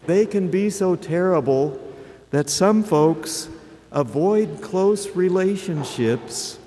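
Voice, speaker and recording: A man in his seventies preaches a sermon in a slightly high voice, taking his time and asking rhetorical questions. His words carry the long reverb of a church, and faint noise hums beneath them. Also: expressive, warm tone. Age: 70s. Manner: slow, deliberate, with rhetorical questions.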